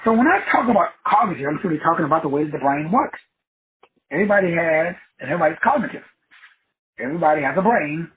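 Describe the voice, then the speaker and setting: Husky man on a tinny line. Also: fairly high pitch. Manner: preachy, wordplay-driven, repeats phrases for emphasis. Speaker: podcast host. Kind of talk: motivational talk show monologue.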